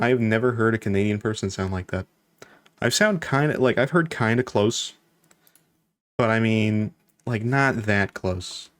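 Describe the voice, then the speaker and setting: Low-voiced rambling young man streaming. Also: dry recording. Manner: rambling, laughing often, swearing. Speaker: live streamer. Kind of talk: casual live-stream chat.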